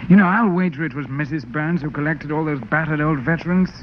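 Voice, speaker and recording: A man's voice: fairly high pitch, fast. Genteel British man on old radio. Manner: polite, genteel and dry. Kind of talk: 1940s radio comedy acting. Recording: hissy lo-fi old radio broadcast.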